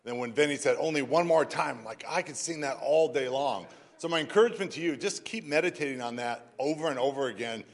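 A man's voice: medium pitch, fast talker, few pauses. A man giving church announcements in a chatty, rambling way, choked up with emotion. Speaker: announcements speaker.

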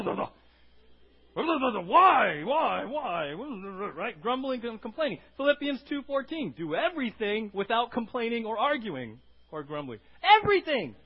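A male pastor with a rather high voice delivers a conversational sermon. He keeps putting questions to the congregation and checking in with "right?" as he goes. The recording is muffled and lo-fi. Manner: asks the congregation questions, with frequent "right?" tags.

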